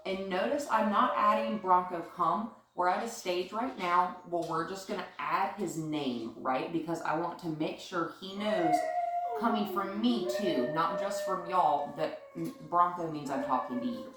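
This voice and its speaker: A woman with a fairly low voice talks through a dog training session in a chatty, upbeat way. She sounds far from the mic, in a very echoey living room. A faint hiss sits under her voice. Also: unhurried. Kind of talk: casual training demonstration. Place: living room at home with a couch.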